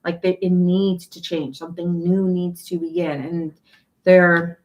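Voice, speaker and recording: With a fairly low, flat, slightly mellow voice at a measured pace, this tarot reader gives a casual reading over lo-fi audio. She's chatty and emphatic, restarting and repeating phrases, and turns blunt and exasperated, swearing in quoted asides.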